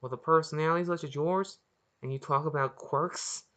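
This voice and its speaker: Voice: medium pitch, moderate pace, fairly bright tone, close to an everyday voice. A reader voicing a charming, playfully mocking young man in an audiobook of their own story. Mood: teasing.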